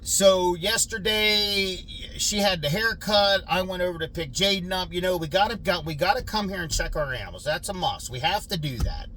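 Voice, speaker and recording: A man's voice: high-pitched, moderate pace, bright, forceful tone, a little hiss or hum. A middle-aged man vlogging from his farm outdoors on a handheld phone, talking earnestly and defensively to his viewers with plenty of fillers. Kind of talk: casual vlog talk to viewers.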